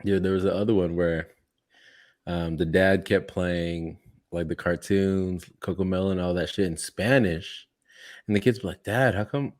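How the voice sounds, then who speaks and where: A man's voice: deep voice, fairly even intonation, normal speed, darkish tone. A man in his thirties co-hosting a podcast, casual and laid-back, swearing often and laughing a lot. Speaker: podcast co-host. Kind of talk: casual chat.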